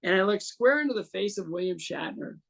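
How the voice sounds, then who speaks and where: Guest storyteller: man in his 60s, gravelly, animated, acts out quotes. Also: high-pitched, brisk. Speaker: interview guest. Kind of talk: storytelling in an interview.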